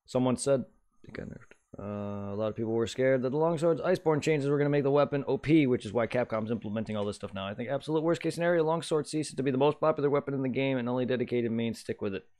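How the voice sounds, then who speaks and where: A man's voice: mid-range voice, quick pace, darkish tone. A man chatting casually while streaming a game, rambling and humming to himself as he reads aloud. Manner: rambling, mutters and hums while reading. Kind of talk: casual live-stream gaming chat.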